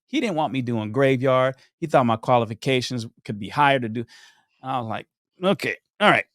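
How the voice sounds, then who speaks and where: On a podcast, a thirty-something male guest relates his story in conversation, animatedly playing the characters involved. He talks briskly in a mid-range voice, recorded at studio quality with no echo.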